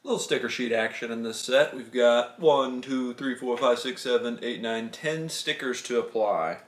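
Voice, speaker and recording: Playful father, teasing build-video host, roomy echo, steady background noise. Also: medium pitch, moderate pace. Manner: jokey, upbeat, teasing. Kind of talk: playful LEGO building commentary with his son. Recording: echoey room with background noise.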